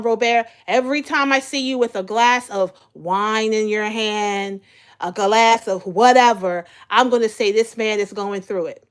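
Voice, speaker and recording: Chatty high-voiced woman commentator. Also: fairly bright tone. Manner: chatty, repeats words, talks straight to viewers. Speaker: commentary channel host. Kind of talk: casual live commentary.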